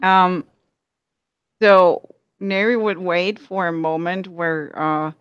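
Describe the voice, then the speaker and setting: Young player, very slow and hesitant, dry lo-fi sound. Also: mid-range voice, steady tone, fairly bright tone, clear, resonant tone, dry recording. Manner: hesitant, full of ums and laughs. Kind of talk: playing a tabletop game. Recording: dull, dry lo-fi recording.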